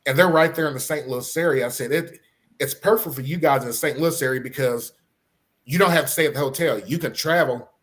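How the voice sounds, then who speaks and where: Middle-aged man, police officer, earnest personal story, halting delivery, mid-pitched voice. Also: a bit bright. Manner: earnest, halting, many fillers and restarts. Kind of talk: personal story, casual talk.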